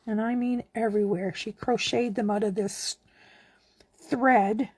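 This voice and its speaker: Crafter host, woman, slightly high and husky, slow friendly talk-while-working. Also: no room sound. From Canada. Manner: chatty, relaxed, talks while working. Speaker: card-making demonstrator. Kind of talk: casual craft tutorial.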